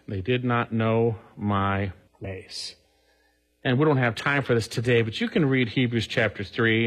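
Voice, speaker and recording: A man's voice: fairly low pitch, a bit bright, poor audio. A male pastor preaching a sermon, earnest, with emphasis that rises and falls.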